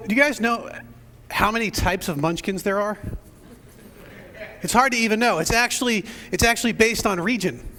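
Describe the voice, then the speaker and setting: In a church sanctuary with a big-room sound, a male pastor opens his sermon in a high, sharp voice. He jokes and chats directly with the people in the pews.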